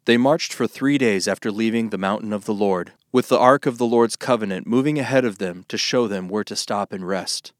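A man reading scripture aloud in a steady, measured way. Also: lowish voice, dry recording, clean studio sound. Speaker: Bible reader.

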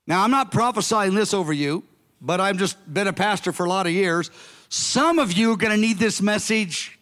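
A male pastor preaching a sermon, acting out the characters' lines slowly and emphatically. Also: sits high, a bit bright, long reverb tail.

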